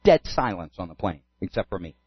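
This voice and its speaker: A man's voice: low voice, sing-song, brisk, slightly rough, no echo, muffled recording. A man, a pastor, telling a story in a sermon and acting out both sides of a conversation.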